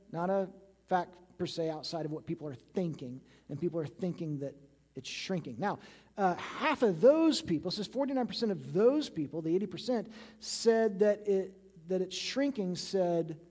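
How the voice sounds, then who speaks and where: A man's voice: on the high side, expressive, moderate pace, a little mellow, breathy edge. A man preaching a conversational sermon as pastor, casual and often checking in with the listeners by asking "right?". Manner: casual, frequently adds tag questions like "right?". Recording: long reverb of a large hall.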